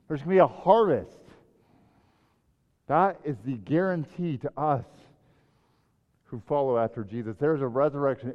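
Male preacher in a reverberant hall. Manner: swells loud and high on scripture, drops low and soft to reflect. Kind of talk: sermon. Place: church sanctuary. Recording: echoey hall, dull sound.

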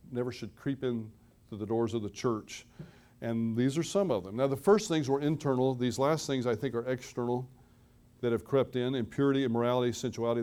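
A man's voice: medium pitch, mellow. A middle-aged man preaching a sermon from the pulpit, conversational with self-deprecating asides and dramatic emphasis on the story. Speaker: pastor.

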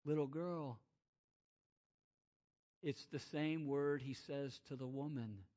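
Animated preacher man, muffled lo-fi recording. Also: mid-range voice, measured pace. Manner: dynamic, swings from loud rising exclamations to quiet hushed emphasis. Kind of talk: sermon. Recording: muffled lo-fi sound.

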